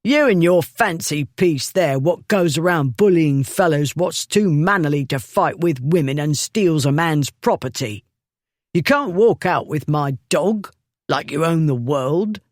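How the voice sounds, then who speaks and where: A man voicing a coarse drunken male bully who shouts and gasps crude slang. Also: on the high side, lively intonation, a little slow, dry recording, clean studio sound. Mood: belligerent.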